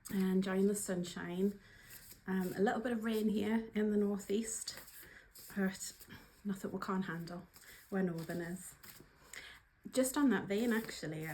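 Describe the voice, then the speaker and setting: A woman's voice: medium pitch, darkish tone, slight background noise. A woman from Newcastle with a Geordie accent, talking casually as a coach in a reflective vlog, with lots of fillers and light self-deprecating humor. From Newcastle upon Tyne, northeast England. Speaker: workplace coach and workshop facilitator.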